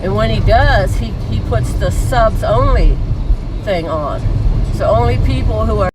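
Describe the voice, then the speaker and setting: A woman's voice: medium pitch, animated, measured pace. A middle-aged woman live streaming from a moving car, chatting in a rambling, meandering way and answering her chat as she drives. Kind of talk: rambling casual chat while driving. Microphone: phone on a dashboard mount. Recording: distant phone mic with loud road noise.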